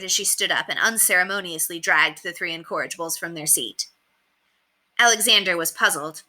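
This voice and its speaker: Bright, lively woman reader, expressive storybook read-aloud. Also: fairly low pitch, moderate pace. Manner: expressive, animated.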